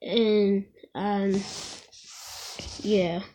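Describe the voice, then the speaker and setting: A woman's voice: medium pitch, flat delivery, mellow. Hesitant woman doing a reaction video. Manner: halting, hesitant, repeats words. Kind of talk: casual reaction commentary.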